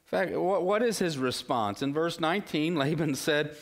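A man's voice: fairly high pitch, normal speed, few pauses. Man preaching a casual sermon. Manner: conversational preaching with rhetorical questions and asides. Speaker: pastor.

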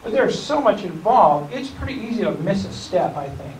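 A man's voice: high-pitched, very animated, moderate pace. A man, a county school superintendent, talking informally to a group, rambling and correcting himself with small chuckles. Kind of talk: informal talk to a civic group. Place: meeting room. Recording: echoey room, distant mic, faint hiss.

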